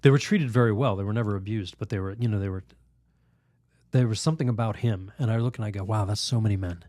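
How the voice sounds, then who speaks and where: A priest telling a lively story in a podcast interview, laughing often, acting out other people's voices, with halting restarts. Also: male voice, on the low side, no room sound, clean studio sound. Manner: animated, laughs often, acts out quoted voices. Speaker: priest guest.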